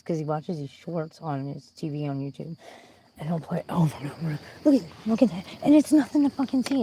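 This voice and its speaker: A woman's voice: low voice, vocal fry, warm tone, a little hiss or hum, rough recording. A woman vlogging in a car, talking in a rambling, profane, frustrated way. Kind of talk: casual venting monologue.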